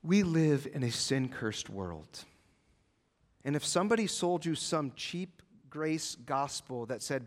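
A male pastor preaching a sermon, swinging between loud emphatic lines and hushed low ones. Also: animated, measured pace. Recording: long hall reverb.

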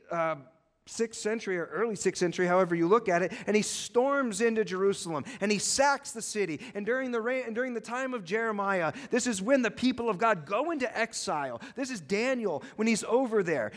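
Pastor guy with a high voice preaching, goes big then drops real quiet, long hall echo. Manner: dynamic preaching, swings between loud emphasis and hushed low lines. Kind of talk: sermon.

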